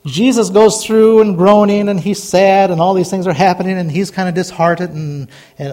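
A man's voice: high voice, steady tone, normal speed, darkish tone. A man preaching a sermon, reading scripture with folksy asides and building to a fervent exhortation. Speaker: pastor.

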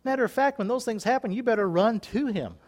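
A middle-aged man preaching an informal sermon in a folksy, animated way, often laughing and acting out voices. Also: very high-pitched, fast talker.

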